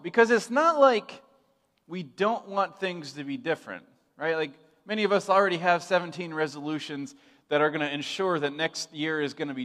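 A young man from Michigan preaching a sermon, telling a self-deprecating story in a lively storyteller's way. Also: fairly high pitch. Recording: reverberant hall.

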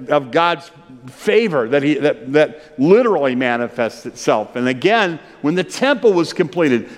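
A man's voice: high-pitched, long reverb tail. A male pastor preaching a conversational sermon. He breaks into sung hymn lines now and then.

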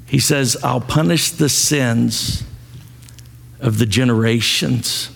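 A man preaching slowly and deliberately, his voice gravelly with fry and pitched a little high for a man. He calls on the congregation to say lines back to him. The sound rings with a long hall reverb. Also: a bit bright. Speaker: pastor. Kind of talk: sermon.

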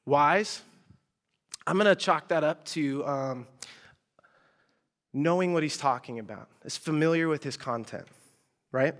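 A man with a voice a little higher than most preaches in a loose, storytelling style. He talks to his listeners like friends, full of slang and side remarks. His tone stays chatty rather than formal. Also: unhurried, pauses often, fairly bright tone. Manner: chatty and slangy, with asides and mock exasperation. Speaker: preacher teaching a group. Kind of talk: casual storytelling sermon.

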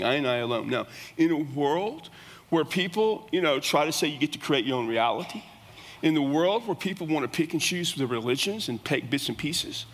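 A middle-aged pastor preaches with earnest emphasis, his fairly high voice stumbling through restarts as he drives each point home. His words ring out with a long reverb from the church sanctuary around him. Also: animated, normal speed, fairly bright tone. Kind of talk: sermon.

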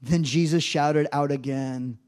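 A man's voice: fairly high pitch, steady tone, unhurried, a little mellow. A man preaching a sermon, reading scripture aloud and acting out the mocking voices with drama. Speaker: pastor.

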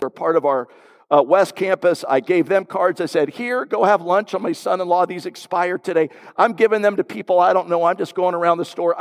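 A middle-aged man, a pastor, preaching a sermon and telling a personal story with asides to the congregation. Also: high-pitched. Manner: storytelling, conversational with audience asides. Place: church sanctuary. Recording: long hall reverb.

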